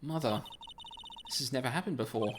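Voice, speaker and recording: Man putting on a frightened little girl, high and pleading, lively swoops in pitch, game dialogue read aloud. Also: brisk, noisy background, lightly acted.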